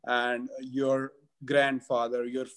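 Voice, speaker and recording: A man from Punjab, a guest in an interview, talking haltingly with many fillers and restarts. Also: mid-range voice, completely flat delivery, a bit bright, clear, resonant tone. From Punjab, India. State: getting emotional. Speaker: guest, advocate. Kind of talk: emotional interview conversation.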